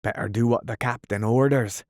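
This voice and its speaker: A man's voice: mid-range voice, fairly even intonation, normal speed, no room sound, studio quality, voice pushed up, close to an everyday voice. A man voicing a timid, nervous pirate crewman. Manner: nervous, anxious.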